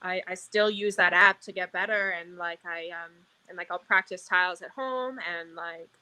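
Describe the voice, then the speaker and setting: A woman's voice: fairly low pitch, normal speed, bright, forceful tone, low-quality recording. A young woman guest, a casino dealer, talking casually and rambling with lots of "like". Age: young adult. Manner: rambling, says "like" constantly. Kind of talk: casual chat.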